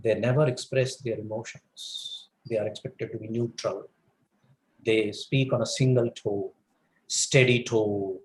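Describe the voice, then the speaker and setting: A man giving a lively webinar lecture, often saying "you know" and swinging his pitch up and down. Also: roomy sound, low-quality recording. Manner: animated, lively swings in pitch, many fillers. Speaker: guest speaker on English communication.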